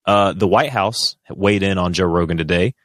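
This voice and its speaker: A man co-hosting a podcast, talking in a casual, rambling, animated way with frequent restarts. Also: sits low, moderate pace, no room sound, clean studio sound. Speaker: podcast co-host.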